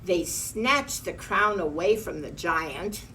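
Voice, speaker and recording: A woman reading a picture book aloud, gently pointing out the pictures as she goes. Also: on the low side, lively intonation, takes it slowly. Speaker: storyteller. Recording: distant mic, faint room hum.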